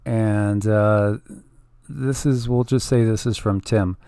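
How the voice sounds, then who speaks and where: A man's voice: lowish voice, fairly even intonation, slow pace, dark tone, clean tone, no echo, clean studio sound. A man co-hosting a casual online show, chatting easily with viewers and laughing often. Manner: easygoing, laughs often, thinks aloud. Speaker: channel co-host.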